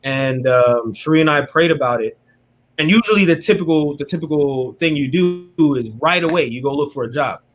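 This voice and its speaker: Appearing as an interview guest, a man with a slightly high voice shares his faith testimony at normal speed. He's casual and animated, frequently checking in with "right?" and voicing the people in his story.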